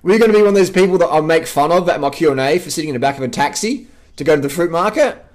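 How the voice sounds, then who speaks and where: An Australian man rants straight to his viewers in a vlog, swearing freely and driving each point home through repetition. His voice sits a little higher than most men's, and he talks with blunt, restless conviction. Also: animated, rapid-fire. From South Australia. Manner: profane, emphatic and repetitive. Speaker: vlogger. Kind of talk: unscripted rant to camera.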